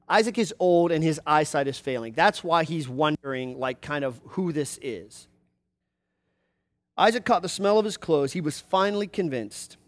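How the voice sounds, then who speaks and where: Male preacher, storytelling sermon, slightly high, casual asides. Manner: explanatory, conversational asides.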